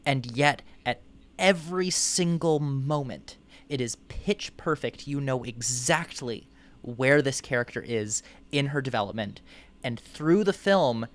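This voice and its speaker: A man's voice: mid-range voice, animated, unhurried. A man co-hosting a casual film podcast who gushes with praise. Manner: effusive, gushing praise. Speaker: podcast co-host.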